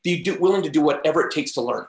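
Guy telling stories in an interview, slightly high voice, does all the voices, echoey room. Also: very fast, creaky. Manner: animated, acts out the voices in his stories. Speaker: interview guest. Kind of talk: casual storytelling. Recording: roomy echo.

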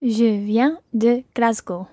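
A woman with a fairly high but very dark, mellow voice carefully repeats phrases in a lesson. She speaks slowly and deliberately, and the sound is dry and close. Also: no echo. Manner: careful, measured repetition. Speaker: language learner.

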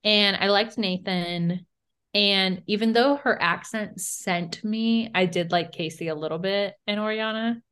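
A woman's voice: medium pitch, fairly bright tone, clear, resonant tone. A young woman co-hosting a podcast, chatting casually about reality TV in a blunt way, with frequent swearing. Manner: blunt, swearing, quick asides. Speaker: podcast co-host.

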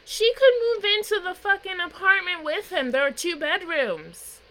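A woman's voice: very high-pitched, lively intonation, moderate pace, sharp tone, rough recording. A woman co-hosting a podcast, chiming in with blunt, wry asides in casual chat. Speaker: podcast co-host.

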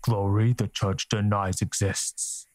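A man's voice: on the low side, flat delivery, takes it slowly, no room sound, voice pushed down. A man voicing a dying male soldier who speaks his last words solemnly.

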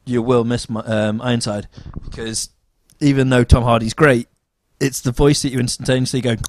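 A man co-hosts a casual podcast in a steady, mid-range voice at normal speed. He's enthusiastic, swears freely, and tends to repeat words.

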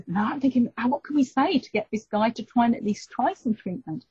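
A middle-aged woman, telling a personal story in an interview and lively acting out the voices of the people in it. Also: on the high side, a little fast, hardly any pauses, slightly rough, dry recording. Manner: animated storyteller, acts out quoted voices. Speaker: guest telling her story. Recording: dull lo-fi recording.

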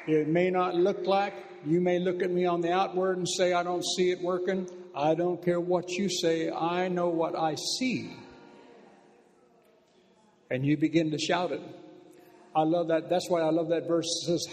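A man's voice: sits high, little pitch movement, unhurried, darkish tone, a little hiss or hum. Fervent preacher man in an echoey hall. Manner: fervent, emphatic preaching with repeated declarations. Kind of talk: sermon. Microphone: handheld microphone.

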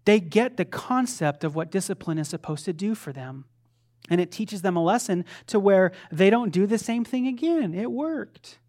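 A man's voice: sits high, expressive, normal speed. Fervent male preacher, rising and falling. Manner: swings between loud fervent preaching and soft conversational asides; acts out quoted voices of his children playfully. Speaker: pastor. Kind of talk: sermon.

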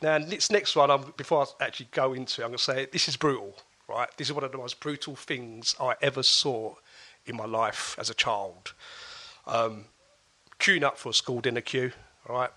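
A man's voice: medium pitch, fairly even intonation, normal speed, sharp tone. A man from East London with a London accent, in his forties, telling stories in casual chat and acting out the voices of the people in them. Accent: London English. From East London, England.

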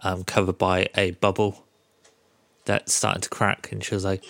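A man's voice: low-pitched, monotone, measured pace, vocal fry, fairly bright tone. A man hosting a podcast, recapping a video game in a casual, sarcastic way and swearing freely. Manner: sarcastic, swears freely, mocks the game's characters. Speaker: podcast host.

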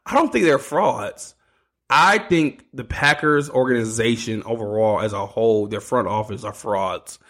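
A man hosting his own sports podcast rants heatedly in a solo episode, swearing and tripping over his words. His mid-range voice is a bit bright, and he speaks unhurriedly.

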